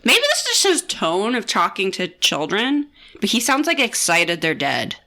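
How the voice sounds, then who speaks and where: Casting note: sarcastic, animated woman co-host, bright edgy tone, pitch jumping all over. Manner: animated, sarcastic, quick asides. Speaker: podcast co-host. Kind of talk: casual comedic chat.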